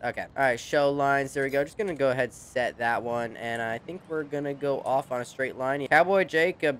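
A young man talks over his farming game in a loose, joking, rambling way. His voice is smooth and clear, sitting at an ordinary middle pitch. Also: fairly bright tone. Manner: jokey, rambling, playful cowboy banter. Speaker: gaming channel host. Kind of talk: casual game commentary.

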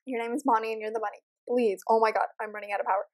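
High-voiced nervous young woman gamer. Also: little pitch movement, very fast. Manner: nervous, jumpy, talks to viewers. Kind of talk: horror game commentary.

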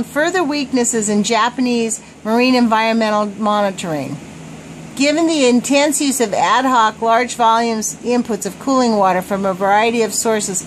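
A woman's voice: on the high side, a little hiss or hum, low-quality recording. A woman vlogger reading a report aloud from her screen, indignant and swearing, often stumbling over words. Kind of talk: agitated screen-reading rant.

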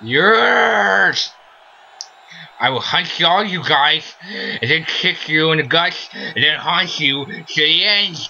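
A man's voice: fairly high pitch, measured pace, few pauses, muffled recording. Man, let's play commentary, put-on silly voice, frustrated ranting, piercing tone. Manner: loud, frustrated ranting at teammates. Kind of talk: casual game commentary. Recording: faint game music behind. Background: game music.

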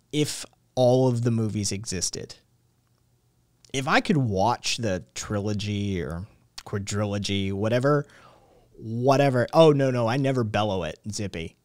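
A man's voice: mid-range voice, dry recording. Young guy ranting on his stream, swears a ton, rambles, dry close sound. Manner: profane, rambling, exasperated. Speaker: stream host. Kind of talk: casual ranting stream chat.

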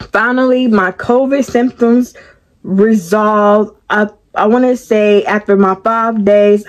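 A woman vlogger and postal worker telling a dramatic story-time tale, speaking straight to her viewers in a lively way. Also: medium pitch. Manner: animated, dramatic storytelling, talks to viewers directly.

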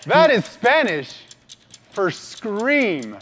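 A young man hosting a trivia challenge, playful and teasing, with an energetic delivery. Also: sits high, extremely slow, slight background noise. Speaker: quizmaster of a challenge game.

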